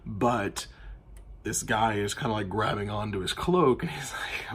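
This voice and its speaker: A man's voice: lowish voice, measured pace, fairly bright tone, slightly rough. A man game master recapping a tabletop campaign in casual, rambling storytelling with lots of fillers.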